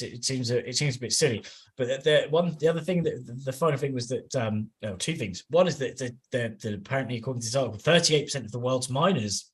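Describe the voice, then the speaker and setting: A man's voice: mid-range voice, breathy edge. A man from England, a regular on a panel show, talking casually with many restarts and fillers.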